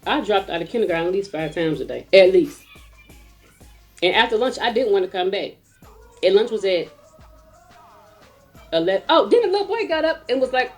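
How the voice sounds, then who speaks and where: A woman, a mother, telling a comic story in a casual rant, animated and acting out other people's voices. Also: fairly high pitch, a little fast, soft background music.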